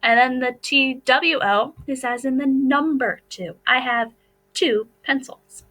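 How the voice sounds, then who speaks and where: Female teacher, American accent, unhurried and patient, clear bright tone. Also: high voice, poor audio. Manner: slow, patient, step-by-step explaining. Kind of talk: phonics lesson over slides.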